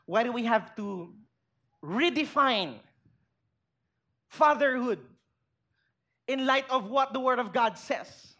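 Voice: medium pitch, expressive, slow, pauses often, sharp tone. A pastor preaching a sermon in church, making emphatic points and putting rhetorical questions to the congregation.

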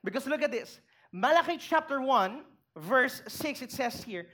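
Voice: mid-range voice, sing-song, measured pace, sharp tone. A pastor preaching a sermon in church, making emphatic points and putting rhetorical questions to the congregation.

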